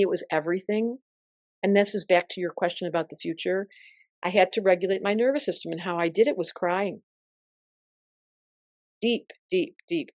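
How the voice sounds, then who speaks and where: An older woman, an astrologer guest in an interview, telling stories in an emphatic, expressive way. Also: fairly low pitch, no echo, clean studio sound. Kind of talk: interview conversation.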